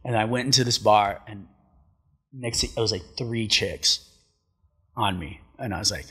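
Brief: middle-aged man, podcast guest, casual storyteller, breathy and low, swears freely. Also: moderate pace, long pauses, a bit bright. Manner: laid-back, swears a lot, acts out quotes. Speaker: podcast guest, pro surfer. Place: studio.

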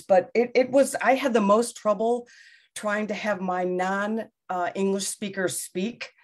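A middle-aged woman novelist in a casual interview, talking in a rambling, self-deprecating way with many restarts. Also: medium pitch. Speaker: debut novelist being interviewed.

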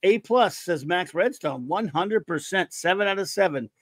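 A man hosting a podcast in a casual, rambling way, reading out listener reviews and breaking into jokes and bursts of shouting. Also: sits high, lively intonation, moderate pace, no echo. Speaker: podcast host.

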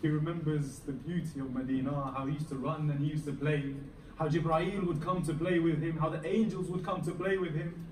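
A man preaches a Muharram sermon in a mosque hall, his fairly high voice swelling and dropping with feeling. He is picked up from a distance, so the hall's echo rings around every phrase, with a faint hum of the room underneath. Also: steady tone, brisk, hardly any pauses. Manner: dramatic, rising and falling intensity. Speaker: Muharram lecturer. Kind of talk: emotional sermon storytelling. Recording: echoey hall, recorded from far off, faint ambience.

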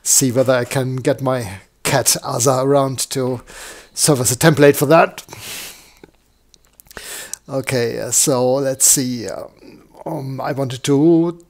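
A man with a croaky, slightly hoarse voice, walking through a software demo live and thinking aloud with lots of fillers. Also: medium pitch, steady tone, slow. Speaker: software tutorial presenter. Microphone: desktop microphone.

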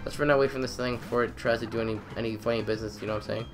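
Excitable young man narrating gameplay. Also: medium pitch, racing, music in the background. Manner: excitable, trash-talking, repeats phrases. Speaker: gamer. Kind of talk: let's play commentary.

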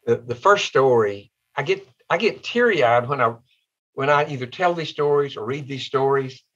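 A man's voice: mid-range voice, expressive, moderate pace, a bit bright, lo-fi sound. A man, a guest author telling heartfelt, folksy stories in an interview. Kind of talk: interview storytelling.

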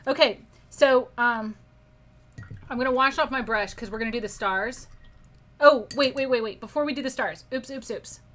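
Bright-voiced chatty woman teaching painting. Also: on the high side, normal speed. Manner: chatty, laughs often, reads viewer comments aloud. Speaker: art instructor. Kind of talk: live painting lesson with chat.

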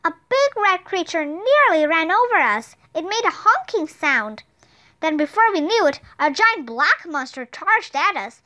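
A woman's voice: very high voice, very animated, a little slow, sharp tone, heavily acted. A woman reading aloud and voicing a cheerful young boy sorcerer in a storybook, who speaks in a formal, old-fashioned way.

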